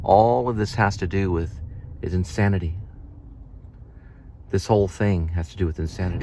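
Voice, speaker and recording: A man's voice: low voice, normal speed, noisy background. A man talking in a rambling, meandering way while driving around, reminiscing as he goes. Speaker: vlogger.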